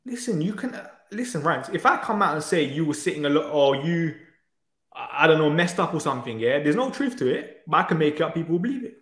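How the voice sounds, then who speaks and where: A man's voice: a little high, sing-song, fast talker, fairly bright tone, roomy sound. A man, arguing insistently and with exasperation in a heated football debate. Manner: exasperated, insistent, talks over the other man. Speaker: debate guest.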